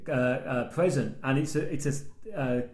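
A man recapping a TV series in casual chat, animated and acting out the characters' lines. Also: medium pitch, normal speed. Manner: animated storytelling, acts out lines. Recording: roomy, echoey room.

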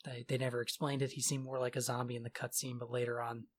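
Husky and flat in delivery, a man with a mid-range voice runs through a video game's story on a podcast he co-hosts. The chat is casual, and his retelling is sarcastic and offhand, peppered with quick mock quotes.

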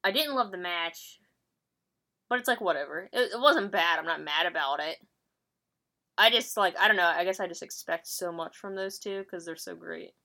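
A woman's voice: on the low side, moderate pace, creaky, bright, forceful tone. A woman co-hosting a podcast, chatting casually and bluntly about wrestling, laughing often and swearing freely. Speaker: podcast co-host. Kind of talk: casual chat recapping wrestling.

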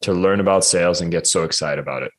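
A man with a fairly low voice tells his story as a guest on a podcast. He talks with animated energy and acts out the other people in it. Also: quick pace. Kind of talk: casual storytelling in a podcast interview.

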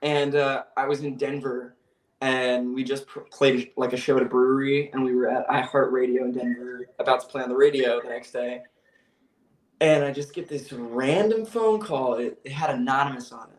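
A man in his twenties telling stories as a guest in an interview, animated and laughing often. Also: medium pitch, normal speed. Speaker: guest musician. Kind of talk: casual interview storytelling. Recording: echoey room.

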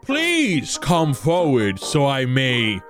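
A man's voice: medium pitch, wildly swooping pitch, extremely slow, fairly bright tone, faint music behind, exaggerated voice. A man voicing a boastful male warrior hero, grand and self-satisfied.

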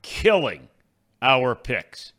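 A man's voice: medium pitch, sing-song, extremely slow, fairly bright tone. A man hosting a sports talk show, talking in a folksy, emphatic way. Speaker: sports radio host.

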